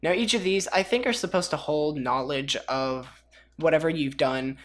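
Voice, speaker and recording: A woman's voice: low voice, moderate pace, a little hiss or hum. A woman casually walking through a game mod as a video host, chatty and rambling with self-mocking jokes. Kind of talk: casual mod tutorial commentary.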